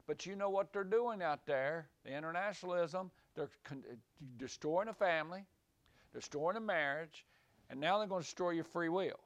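Male Bible teacher for a small group, a bit high-voiced, repeats himself, punches key points. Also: normal speed, no room sound. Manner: rambling, repeats words, rises to emphatic points. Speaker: preacher. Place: small room with a few listeners.

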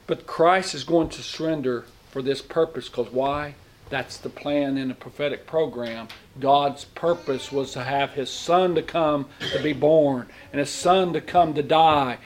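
A male pastor preaching a sermon, swinging between loud bursts and quiet asides and often repeating words. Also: a little high.

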